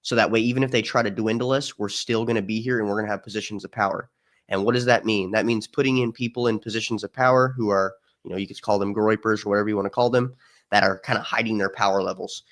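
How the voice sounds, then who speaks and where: A man's voice: lowish voice, fairly even intonation, quick pace, fairly bright tone. A man talking as a podcast guest in a casual political discussion, emphatic and given to storytelling with mimicked voices.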